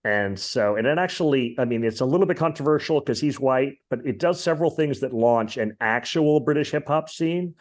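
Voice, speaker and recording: A man's voice: medium pitch, expressive, brisk, few pauses. A man hosting a podcast, chatting casually about music in an opinionated, rambling way full of fillers. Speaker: podcast host.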